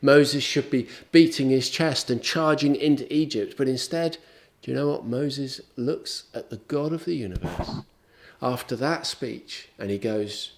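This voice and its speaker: A man's voice: medium pitch, measured pace. A man preaching a sermon in a conversational, wry and emphatic way.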